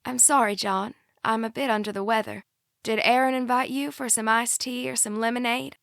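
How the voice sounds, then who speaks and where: A woman's voice: on the high side, steady tone, moderate pace, vocal fry, fairly bright tone, no room sound, clean studio sound, pitched above the performer's own voice. A woman voicing a nervous, fragile mother with a Georgia drawl who talks in a polite, strained way, in an audiobook.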